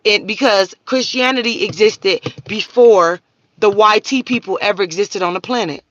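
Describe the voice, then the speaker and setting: A woman holds forth on her livestream, blunt and profane, lecturing the viewers who comment. Her voice is bright and forceful, close and dry, with dull lo-fi stream audio. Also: medium pitch, moderate pace, no echo. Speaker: livestream host. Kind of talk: casual livestream rant.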